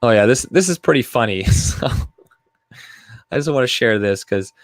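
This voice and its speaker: A video commentator from Canada rambles and swears his way through news stories, reading the pieces aloud and dropping frequent fillers and laughs. He has an animated mid-range voice at normal speed, recorded dry.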